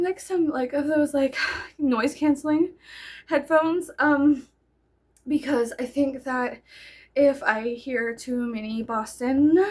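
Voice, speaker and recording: A young woman from Texas, telling a story in a rambling, giggly casual chat and swearing freely. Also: on the high side. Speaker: storyteller vlogger.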